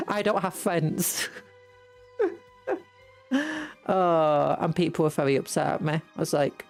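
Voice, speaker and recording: A woman's voice: fairly low pitch, measured pace, long pauses, soft background music. A British woman streamer chatting casually, rambling and giggling in a playful way. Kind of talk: casual livestream chat.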